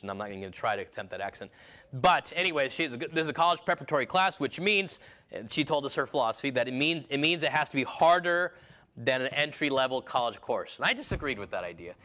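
A man's voice: a little high, sharp tone. A man preaching a sermon in a rambling way, full of restarts and personal asides.

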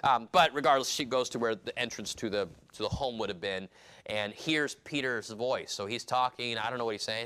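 A man preaching an expository sermon, reading scripture aloud and acting out the scenes in lively voices. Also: medium pitch, normal speed. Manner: animated, reads scripture aloud and acts out scenes.

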